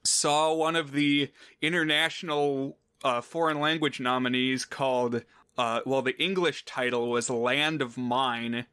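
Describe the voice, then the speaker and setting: A man chats casually as co-host of a film podcast, his voice bright and smooth. The sound is dry and close. He tends to ramble, circling back with fillers and small self-corrections. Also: medium pitch, fairly even intonation, measured pace, dry recording. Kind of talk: casual chat.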